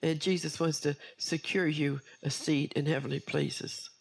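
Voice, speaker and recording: A woman's voice: low-pitched, fairly even intonation, measured pace, creaky, slightly rough. A woman preacher delivering an earnest sermon with personal testimony, repeating key phrases for emphasis.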